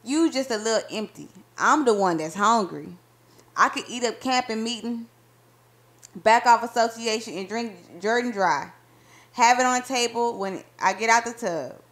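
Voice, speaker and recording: A woman's voice: on the high side, normal speed, a bit bright. A woman reading aloud as a boastful young husband, bantering playfully in folksy dialect. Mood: teasing.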